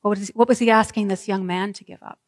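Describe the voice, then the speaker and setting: A woman pastor preaching a sermon, telling the story vividly with dramatic pauses. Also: medium pitch, fairly even intonation. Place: church sanctuary. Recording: reverberant church hall.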